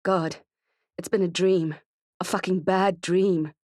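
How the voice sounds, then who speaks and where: Kate is a worn-out mother in danger, speaking quietly and in halting bursts, low and strained as a woman reader voices her. The audiobook sound is dry and close. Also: fairly even intonation, no echo. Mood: shaken.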